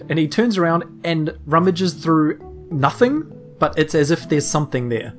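Relaxed game master narrating. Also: mid-range voice, moderate pace, faint music behind. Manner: relaxed, filler-heavy narration.

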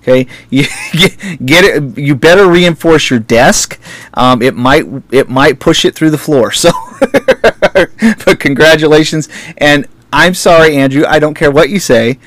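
A man's voice: on the high side, animated, a little slow, a bit bright, no echo. A man co-hosting a talk radio show, joking around and laughing often in casual chat.

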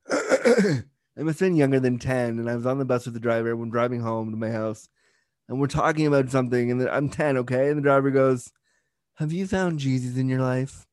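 A man of ordinary pitch hosts a casual interview. He is chatty and hesitant, often restarting his sentences, and the recording is dry with no room sound. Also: a little fast, a little mellow, no room sound. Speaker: interviewer host.

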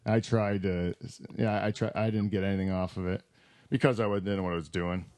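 A man's voice: low voice, fairly even intonation, fairly quick, darkish tone, dry recording. Rambling laid-back man, dry close mic. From Canada. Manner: rambling, laughs often, many restarts and fillers. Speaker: podcast host. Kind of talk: casual chat.

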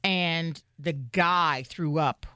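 A woman co-hosting a podcast in casual chat, telling stories in an animated way. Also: extremely slow, clear, resonant tone, no echo, studio quality. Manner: animated storyteller, pitch swings widely. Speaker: podcast co-host.

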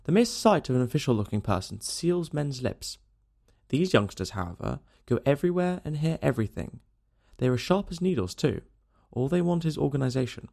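A man reading an audiobook, voicing a grave, measured male consulting detective. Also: mid-range voice, expressive, vocal fry, warm tone. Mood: dry. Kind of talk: audiobook character voice.

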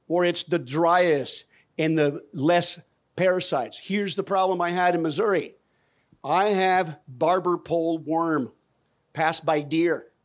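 A man giving a folksy, emphatic talk on a conference stage, putting questions to the audience. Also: fairly high pitch. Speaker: conference speaker on regenerative farming. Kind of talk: lively stage presentation.

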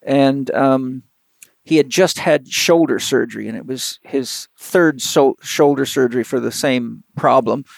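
A man who works as a physical therapist telling a long, animated anecdote in an interview, rambling with lots of fillers. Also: mid-range voice, measured pace, vocal fry, no room sound. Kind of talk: storytelling in an interview.

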